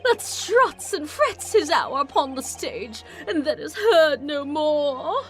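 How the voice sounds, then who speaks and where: Woman playing a booming theatrical man. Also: sing-song, takes it slowly, soft background music, full character voice. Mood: declaiming. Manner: booming and dramatic. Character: theatrical man reciting verse.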